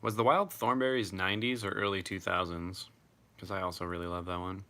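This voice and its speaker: A young man with a low voice and a bright, forceful edge, chatting on a live stream. He answers viewer comments loosely and casually, dropping swear words as he goes. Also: a little fast. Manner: relaxed, chatty, swears freely.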